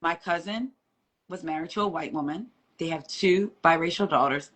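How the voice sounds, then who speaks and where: Woman, low-ish voice, chatty live-stream guest, lively storyteller who mimics quoted voices. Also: moderate pace. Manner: animated retelling, acting out quoted voices. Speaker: guest courtroom reporter.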